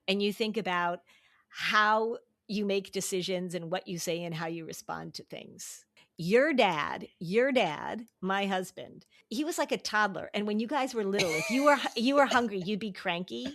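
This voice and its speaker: Lively dry-voiced middle-aged woman host. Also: mid-range voice, normal speed, no room sound. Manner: animated, laughs often, acts out quoted voices. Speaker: podcast host, therapist. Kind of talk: casual chat.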